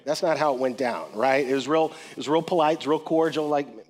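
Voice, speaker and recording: Man, preacher, sermon, conversational, middle pitch, acts out quotes. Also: a little fast, few pauses. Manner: conversational, animated retelling with acted quotes.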